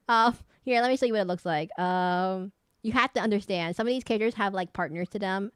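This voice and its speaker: A woman streamer talks loosely through her rankings, restarting words and circling back. Her voice is smooth and crisp at a middle pitch. The sound is dry and close. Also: fairly quick, dry recording. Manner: rambling, self-correcting, laughing. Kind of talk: casual live-stream commentary.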